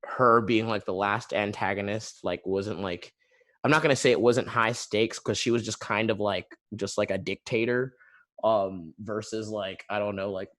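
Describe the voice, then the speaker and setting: Male guest, lower register, loose rambling chat over a video call. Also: steady tone, normal speed, fairly bright tone. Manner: rambling, heavy use of "like" fillers. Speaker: guest artist and musician. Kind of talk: casual video-call interview.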